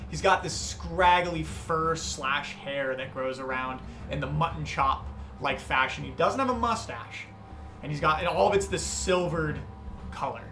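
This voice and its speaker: A young man narrating as game master, describing scenes in an animated, rambling way with many fillers. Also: fairly high pitch, a little slow. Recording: music under the voice.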